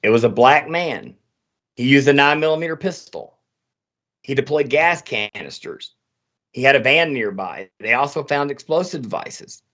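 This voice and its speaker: A man's voice: medium pitch, lively intonation, moderate pace, fairly bright tone. A man hosting a podcast in casual conversation, talking emphatically with a lot of profanity. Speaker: podcast host. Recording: dull lo-fi audio.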